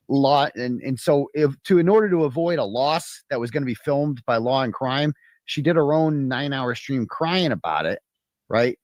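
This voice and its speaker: Male stream host, mid-pitched voice, dry close sound, crude rambling mockery. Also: dry recording. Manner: crude, profane and mocking, rambling with many restarts. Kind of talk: casual live-stream commentary.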